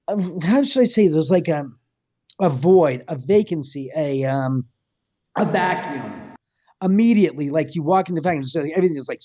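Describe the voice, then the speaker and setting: A man telling a long, rambling story in casual chat, animated and swearing freely. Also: sits high, no echo, muffled recording. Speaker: guest, house owner.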